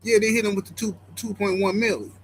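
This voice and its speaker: A man with a fairly high voice hosts a boxing reaction stream. He talks bluntly and mockingly straight to his viewers. A faint noise sits under his voice. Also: quick pace, low-quality recording. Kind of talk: casual live-stream commentary.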